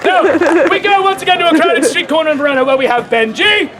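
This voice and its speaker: High-voiced man narrating live comedy. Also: expressive, fairly quick. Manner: playful, shouts cues for the crowd to repeat. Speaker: comic narrator of an audience-participation show. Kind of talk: live comedic storytelling to a crowd. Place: outdoor fair stage. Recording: loud crowd noise outdoors. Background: loud crowd of onlookers.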